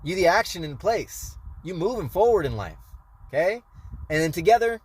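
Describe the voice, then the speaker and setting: A man's voice: high voice, big pitch swings, normal speed, slightly rough. A man giving a casual tarot reading to the camera, speaking loosely with many restarts and calling the viewers y'all. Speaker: tarot reader.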